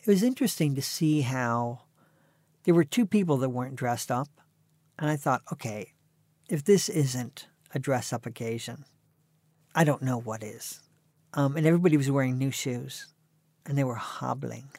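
A man in his sixties, appearing as an interview guest, tells stories in a dry, wry, conversational way. His mid-range voice is a little mellow, his pace moderate, and the recording has no echo.

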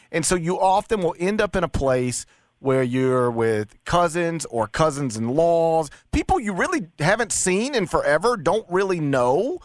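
A man's voice: sits high, dry recording, clean studio sound. A middle-aged man hosting a casual talk radio show, making his case with stammered restarts. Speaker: radio host.

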